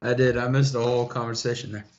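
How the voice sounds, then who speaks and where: A man's voice: medium pitch, little pitch movement, quick pace, darkish tone. A man in casual chat, easygoing and explaining things at length. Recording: dull lo-fi audio.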